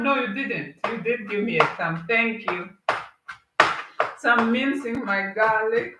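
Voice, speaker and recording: A woman hosting a casual live cooking stream, chatting with viewers and greeting them as they join. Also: fairly high pitch. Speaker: cooking livestream host. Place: home kitchen. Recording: roomy, distant, with clear background noise.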